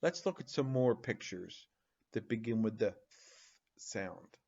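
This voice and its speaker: A man teaching a phonics lesson to young children, slowly drawing out each sound and asking questions in an animated, exaggerated way. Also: lowish voice, vocal fry, dull audio.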